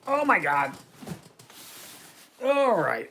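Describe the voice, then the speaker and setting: A man's voice: on the high side, expressive, a little slow, background noise. A man hosting a casual livestream. He chats and answers viewer comments in a self-deprecating way. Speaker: host.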